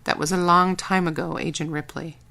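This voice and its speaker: A woman's voice: lowish voice, steady tone, fairly quick, vocal fry, pushed and bright. A woman voicing an earnest, burly former spy, a Swedish man with a Swedish accent, in an audiobook.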